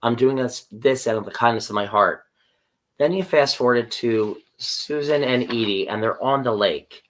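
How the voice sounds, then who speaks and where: A man in casual podcast conversation, retelling a TV episode scene by scene. His voice sits at a middle pitch. He slips into the characters' lines with an animated, storytelling manner. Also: moderate pace. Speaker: podcast co-host. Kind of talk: casual chat recapping a TV episode.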